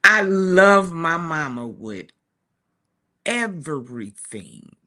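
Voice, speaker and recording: A woman's voice: lowish voice, big pitch swings, drawn-out words. A woman in her forties on a talk show, telling a family story in a casual, chatty way. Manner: chatty, warm storytelling with laughs and asides. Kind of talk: casual chat. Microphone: streaming studio mic.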